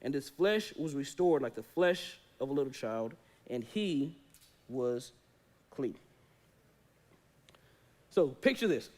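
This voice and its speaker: A man preaching a sermon in a church, telling a Bible story with animated, acted-out dialogue. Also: high voice. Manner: animated storytelling, acting out quoted voices. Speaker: pastor. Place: church sanctuary.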